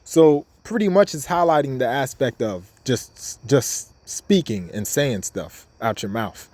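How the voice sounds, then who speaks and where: A man's voice: medium pitch, lively intonation, unhurried, a little mellow, dry recording. A man giving an informal scripture lesson in a casual, repetitive way, reading verses aloud between his own comments. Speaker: bible teacher.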